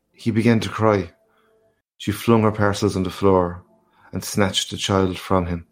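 A man reads a classic short story aloud in a deep, low voice. His delivery is slow and measured, with a flat, even line. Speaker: narrator.

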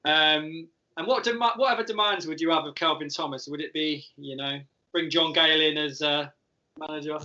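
Man, casual football podcast, bright, wry, rambling, muffled lo-fi sound. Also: fairly high pitch, fairly even intonation, normal speed. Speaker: podcast co-host. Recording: dull lo-fi recording.

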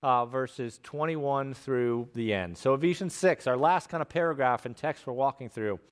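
A male pastor, preaching a sermon from a church stage in a relaxed, conversational way with bits of slang. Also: medium pitch, normal speed.

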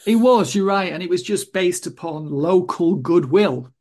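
A man co-hosting a casual podcast. His voice sits a little on the high side, and he talks in a blunt way with exasperated asides. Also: unhurried, a little mellow. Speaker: podcast co-host. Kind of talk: casual chat.

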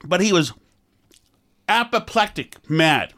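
A podcast host telling a story in a casual, animated way, acting out his own quotes. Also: sits high, takes it slowly.

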